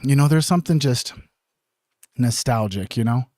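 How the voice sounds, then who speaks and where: A man hosting a casual livestream, rambling with many restarts, swearing and often clearing his throat. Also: medium pitch, normal speed, darkish tone, no room sound, clean studio sound. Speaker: livestream host. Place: home streaming setup.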